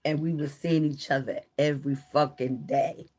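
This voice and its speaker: A low-voiced woman speaking in talks loosely and emotionally to her livestream viewers. She is grieving, and her speech is full of slang and asides. A faint hum sits under her voice. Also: fairly even intonation, moderate pace, darkish tone. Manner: talkative, emotional, informal slang. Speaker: livestream host. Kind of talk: casual livestream storytelling.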